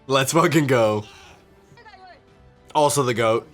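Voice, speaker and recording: A young man giving casual, excited reaction commentary on a show, swearing often and laughing as he watches. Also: medium pitch, slow, faint music behind. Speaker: reaction video host.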